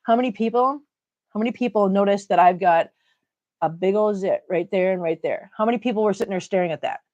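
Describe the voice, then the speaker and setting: With a quick pace and a mid-range, slightly mellow voice, a middle-aged woman reads her livestream chat aloud, joking and chatting casually; the sound is lo-fi.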